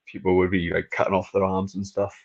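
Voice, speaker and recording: A man's voice: low-pitched, little pitch movement, a little fast, vocal fry. A man with an English accent answering interview questions casually over a video call, hesitating with lots of fillers. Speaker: guest fighter. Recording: muffled video call audio.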